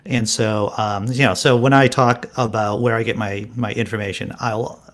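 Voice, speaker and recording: A man's voice: fairly low pitch, steady tone, normal speed, fairly bright tone. A man co-hosting a casual live-stream chat, telling rambling stories with frequent restarts. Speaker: co-host.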